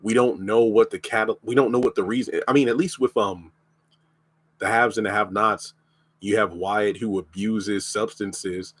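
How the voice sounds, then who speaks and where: A man's voice: on the low side, steady tone, moderate pace. A man with a lingering cough, bluntly reviewing a TV show in a casual live stream. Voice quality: blunt, opinionated.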